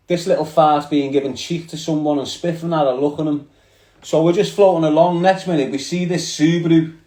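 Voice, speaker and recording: Scouse guy on insta live, rambly street slang, mellow voice, echoey room sound. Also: fairly high pitch. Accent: Liverpool. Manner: rambling, streetwise slang, addresses viewers directly. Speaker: livestream host. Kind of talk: casual livestream chat.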